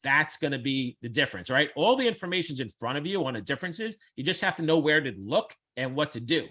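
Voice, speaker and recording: A man hosting a casual chat, blunt, brash and profane, with animated storytelling. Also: a little high, fast. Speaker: host.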